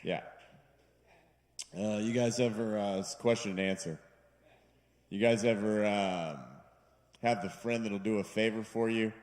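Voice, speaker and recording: A man's voice: fairly low pitch, steady tone, a little slow, pauses often, darkish tone. A man doing a self-deprecating, rambling stand-up set on a bar stage, putting on voices for his jokes. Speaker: stand-up comedian. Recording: live room with long reverb.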